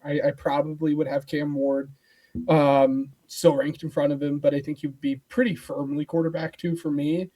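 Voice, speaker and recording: A man's voice: on the high side, flat delivery, normal speed, mellow. A man co-hosting a football podcast in casual chat, hesitant and full of fillers. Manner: hesitant, lots of "like" and "um". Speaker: co-host.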